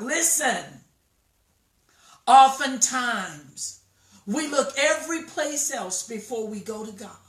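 Slow, emphatic woman preaching. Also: high-pitched, fairly bright tone. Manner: slow, emphatic storytelling with acted quotes. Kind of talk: sermon. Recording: echoey room, voice from far off mic.

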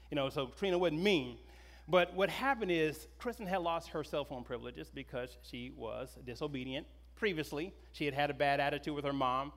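A middle-aged man, a pastor, preaching a sermon in an animated, conversational storytelling way. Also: on the high side. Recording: long reverb of a large hall.

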